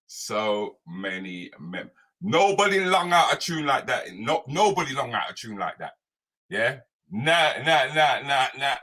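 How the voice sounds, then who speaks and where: On a live morning show, a comedian host reads out viewer comments, unhurried but bright, his pitch swinging lively. He keeps up animated, playful banter that loops back on itself.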